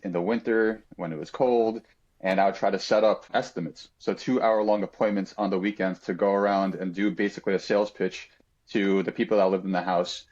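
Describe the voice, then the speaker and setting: A man's voice: sits low, a little mellow, highs cut off. A man telling a personal story on a podcast in an earnest, reflective way, with frequent fillers and restarts.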